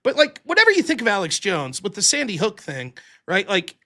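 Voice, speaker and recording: A man hosting a podcast in casual chat, reading viewer messages and joking around. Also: high-pitched. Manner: animated, joking, quick to laugh. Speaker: podcast host reading super chats.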